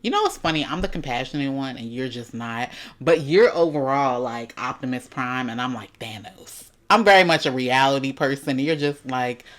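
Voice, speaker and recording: A woman's voice: very deep voice, moderate pace, few pauses. A woman hosting a reaction video, talking casually in a blunt, indignant and profane way.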